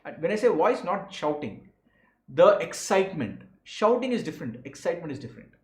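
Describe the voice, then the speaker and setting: A man's voice: on the high side, brisk, reverberant, poor audio. A young man with an Indian English accent coaching students for interviews, stressing his words with a voice that rises and falls. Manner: animated, stresses words, voice rising and falling. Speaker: exam coach. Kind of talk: instructional talk to students.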